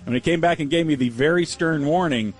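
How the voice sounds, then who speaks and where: A man's voice: on the high side, fast talker, faint music behind, rough recording. A man hosting a sports radio show, telling a story in a chatty, self-deprecating way from a studio. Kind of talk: casual storytelling on air.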